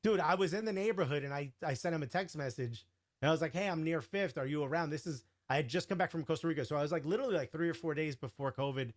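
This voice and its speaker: A man guest telling an animated, casual story, full of "like" and "you know", acting out the quoted dialogue. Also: a little high, fast. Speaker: podcast guest.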